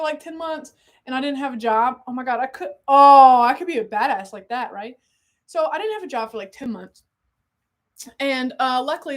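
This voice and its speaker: A young woman with a high, bright-pitched voice chats on a live unboxing stream. She is excitable and rambling, swears casually and keeps drifting from one tangent to the next. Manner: excitable, rambling storyteller who swears freely and keeps getting sidetracked.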